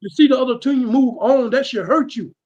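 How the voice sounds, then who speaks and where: A man talking on a sports podcast in a halting way, often repeating his first words before a sentence gets going. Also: very high-pitched, darkish tone, muffled recording. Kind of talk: casual sports podcast chat.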